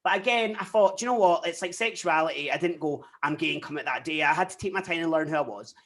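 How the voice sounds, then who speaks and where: A young adult guest with a Scottish accent, telling personal stories candidly in a casual interview, often quoting themselves and others. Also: male voice, a little high, fast talker. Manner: candid, animated storytelling with frequent quoted asides.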